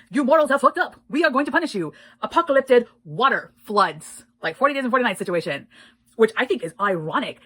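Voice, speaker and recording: A woman's voice: on the high side, fairly bright tone, low-quality recording. A woman giving a casual spoken book review, retelling the plot in a blunt, indignant way and swearing freely.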